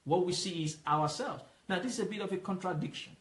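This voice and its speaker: A Bible teacher with a high-pitched, fairly bright male voice leads a study in a room with noticeable echo. He explains patiently, repeating points slowly, and poses questions so the listener can supply the answers.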